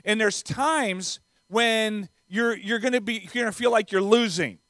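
A man's voice: sits high, a little slow, sharp tone, dry recording. A man preaching as a visiting pastor, speaking in a conversational way with small fillers and a non-Southern American accent. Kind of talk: sermon. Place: church sanctuary.

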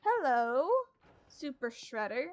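A woman streamer talks her way through a game in casual running commentary. Her voice sits a little high, and her self-talk is chatty, wry and sarcastic. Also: big pitch swings, slow, darkish tone.

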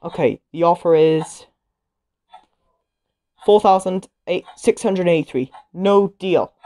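Her voice is on the low side and unhurried. She's a woman casually narrating her own game show video game play, exclaiming at each result and easily frustrated.

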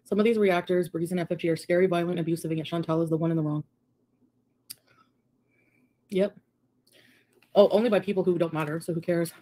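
A woman's voice: on the low side, steady tone, a little fast, long pauses, warm tone. A woman talking casually to camera in a defiant, mocking way. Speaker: video creator being reacted to.

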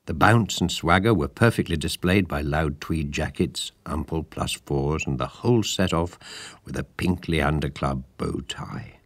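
A man narrating a storybook audiobook in a measured, lively storytelling manner. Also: rumbling low, breathy edge, dry recording.

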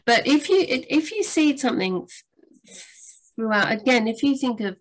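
A woman co-hosting a live writing Q&A, chatty and rambling, with sudden lively jumps in pitch. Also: normal speed. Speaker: book editor and co-host. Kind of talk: live Q&A chat.

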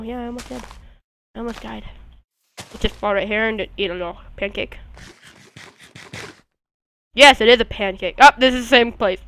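A woman rambling through casual gameplay commentary, goofy and scatterbrained with sudden squeals. Her voice sits a little high and sounds bright and sharp. The sound is close and dry, with no room around it. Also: no room sound. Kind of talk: casual let's-play commentary. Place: at home beside a friend.

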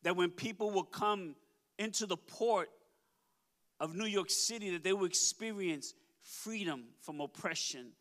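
A man's voice: sits high, a little slow, a bit bright. A man preaching a sermon as pastor, emotional and declaring, calling on his congregation to respond. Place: church service.

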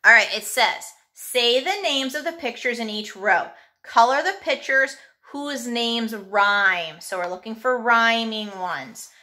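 Woman, teacher, phonics lesson, patient, sounds out letters, slow pace. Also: fairly high pitch, sharp tone. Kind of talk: reading a phonics workbook lesson to a child.

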